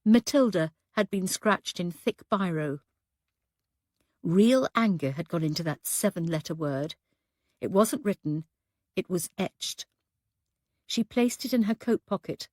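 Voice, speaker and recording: A woman narrating an audiobook in a measured, even storytelling manner, recorded close to the mic. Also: fairly low pitch, dry recording.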